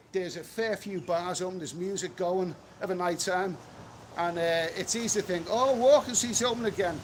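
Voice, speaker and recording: A man's voice: high voice, slight background noise. Blunt chatty man livestreaming. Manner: blunt, chatty, quick to snap at trolls. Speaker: travel vlogger reading live chat. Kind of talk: casual livestream chat. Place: outdoors on a city street.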